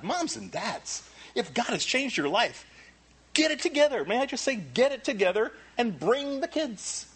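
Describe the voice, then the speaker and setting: A man preaching a sermon as pastor, animated and repeating key phrases for emphasis. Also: very high voice, husky.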